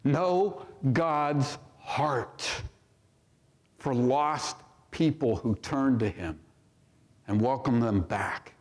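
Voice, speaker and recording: A man's voice: medium pitch, very slow, a little mellow. A male pastor preaching a sermon, reading scripture aloud and commenting on it with rhetorical questions to the congregation. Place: church sanctuary. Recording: long reverb of a church sanctuary.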